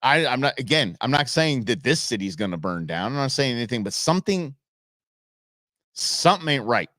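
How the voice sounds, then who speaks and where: A man from Southern California hosting a live show in casual chat, rambling and animated with folksy asides to his viewers. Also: medium pitch, normal speed, dry recording, studio quality.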